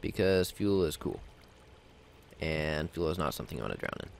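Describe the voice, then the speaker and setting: A man's voice: extremely low pitch, sing-song, normal speed, gravelly, a little hiss or hum. A man giving casual gameplay commentary, rambling and self-mocking as he talks himself through crafting. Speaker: let's play gamer.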